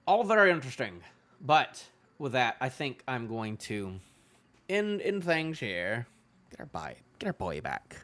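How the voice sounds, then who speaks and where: A man hosting a reaction video in casual solo commentary, rambling and filling his talk with "you know", often trailing off in a low-key way. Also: very animated, unhurried, fairly bright tone. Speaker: manga reaction channel host.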